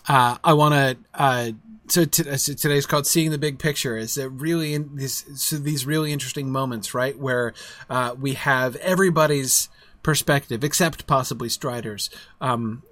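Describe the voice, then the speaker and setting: A man's voice: mid-range voice, a bit bright, no echo. A man hosting a casual livestream book discussion, rambling with restarts and speaking with enthusiasm.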